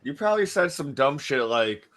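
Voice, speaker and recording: A man's voice: fairly high pitch, big pitch swings, moderate pace, a bit bright. A man in casual podcast chat, telling rambling stories and laughing between them.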